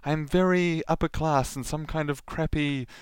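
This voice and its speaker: A man's voice: a little high, steady tone, moderate pace, clean tone, dry recording, studio quality, pitched above the performer's own voice, close to an everyday voice. A man voicing a posh upper-class young British woman in a vague put-on posh accent, airy and gushing, trailing off.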